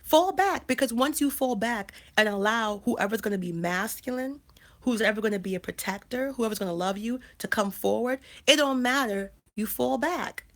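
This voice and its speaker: A woman's voice: on the high side, animated, moderate pace, a bit bright. A woman in her thirties hosting a casual livestream, talking emphatically and repeating phrases with frequent restarts. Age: 30s. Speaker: life coach and channel host.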